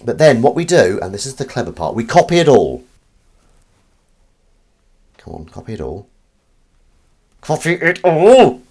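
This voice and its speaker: A man hosting a casual live stream, joking with his chat and swinging between loud greetings and mumbled asides. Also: lowish voice, sing-song, moderate pace, long pauses, slightly rough. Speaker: livestream host.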